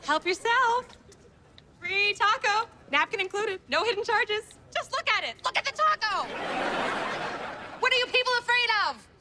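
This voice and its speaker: An actress playing a pushy caterer in a sitcom, handing out free tacos. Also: female voice, extremely high pitch, very animated, moderate pace, pushed and bright, heavily acted. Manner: pushy and exasperated. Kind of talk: sitcom acting. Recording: background noise.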